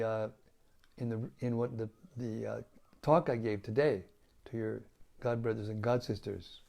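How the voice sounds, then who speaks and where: On an online call after a devotional reading, an older man with a raspy voice talks with listeners as a spiritual teacher. He comes across gentle, humble and reflective, speaking at a measured pace in a medium pitch that barely rises or falls.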